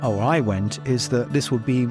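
A man, a band's composer, talking thoughtfully with many pauses and ums. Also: mid-range voice, music in the background. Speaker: composer in a band. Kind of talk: podcast conversation.

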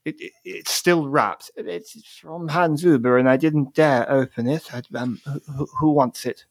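A man's voice: fairly high pitch, a little slow, slightly rough, no room sound. A man voicing a nervous young girl who stammers and hesitates.

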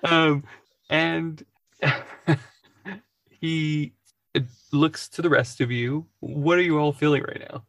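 Gravelly man running a tabletop game. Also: on the high side, steady tone, slow, long pauses, fairly bright tone, no room sound. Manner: rambling, laughing often. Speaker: game master.

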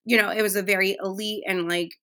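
A woman in her thirties talks in a casual, heartfelt monologue, chatty and full of fillers. Her tone is bright and forward, and her pitch sits in a middle range. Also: steady tone, quick pace. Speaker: podcast host.

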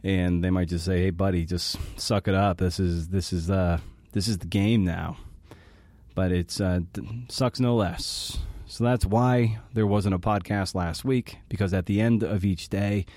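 Halting, low-voiced male podcast host. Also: fairly even intonation, mellow, dry recording. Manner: halting and emotional, with many restarts. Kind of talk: personal monologue.

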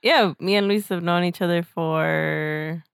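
A woman's voice: lowish voice, unhurried, vocal fry, clean tone, no echo, clean studio sound. A woman co-hosting a podcast in casual chat, teasing and giggling between lines. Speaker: podcast co-host.

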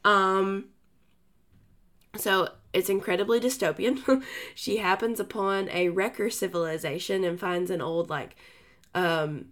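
A woman's voice: medium pitch, fairly even intonation, measured pace, a bit bright. A woman co-hosting a book podcast, talking in a casual, chatty way full of fillers and restarts.

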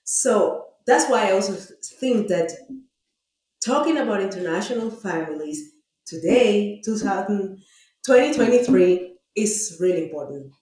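A woman's voice: medium pitch, animated, measured pace, darkish tone. Woman heard from far off, echoey. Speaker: discussion participant. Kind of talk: casual conversation.

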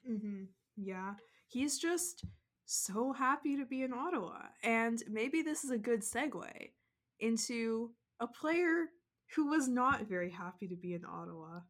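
A woman co-hosting a casual sports podcast, talking in a chatty way with lots of "like" and quick "mm-hmm" backchannels. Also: on the high side, expressive, a bit bright. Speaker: podcast co-host.

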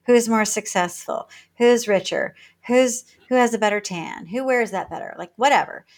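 A woman guest on a podcast, talking with lively energy, laughing often and acting out bits of dialogue as she tells stories. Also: fairly low pitch, normal speed, creaky, hardly any pauses. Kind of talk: animated conversational storytelling.

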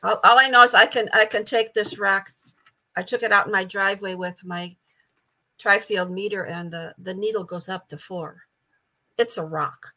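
A woman's voice: mid-range voice, steady tone, normal speed, sharp tone. An older woman telling stories as a guest in a casual interview, chatty, stumbling over repeated words and laughing often. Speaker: psychic medium guest.

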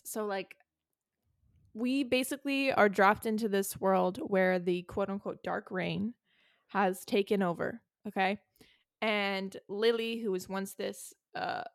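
Woman co-host, animated giggly storyteller, dry close recording. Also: medium pitch, vocal fry, dry recording. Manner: animated storyteller, giggly, says "okay?" a lot. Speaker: podcast co-host. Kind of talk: casual chat recapping a book.

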